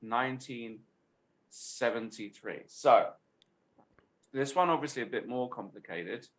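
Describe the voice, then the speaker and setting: A man's voice: mid-range voice, a little slow, fairly bright tone. A man coaching a chess tactics lesson, explaining step by step and often checking in with his student.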